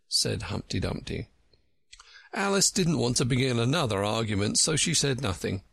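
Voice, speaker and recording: A man narrating a children's story in a measured, expressive reading. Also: mid-range voice, vocal fry, husky, no room sound.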